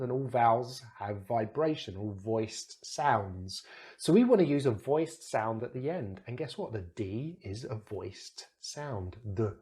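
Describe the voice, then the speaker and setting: A British man teaches pronunciation into a close microphone. He repeats example words slowly, exaggerating each sound. His pitch sits in a middle range for a man. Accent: British English.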